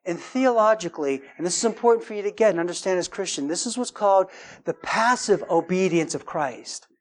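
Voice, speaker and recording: A woman's voice: on the low side, animated, brisk. A woman preaching a sermon in an emphatic, casual way, often repeating her words as she builds a point.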